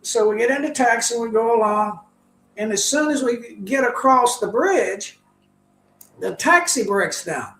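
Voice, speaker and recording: A man's voice: very high-pitched, animated, a little slow, fairly bright tone. An older man, a former ballplayer, telling stories casually over a video call, rambling and chuckling. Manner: rambling anecdotes, chuckles often. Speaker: guest, former baseball player. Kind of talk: casual storytelling. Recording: echoey room.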